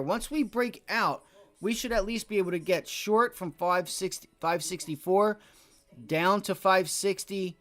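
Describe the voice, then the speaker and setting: A man's voice: high-pitched, a little slow, fairly bright tone, faint music behind. A man hosting a live day trading stream, giving casual, coaching market commentary and swearing freely. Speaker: day trading livestream host. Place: home trading office.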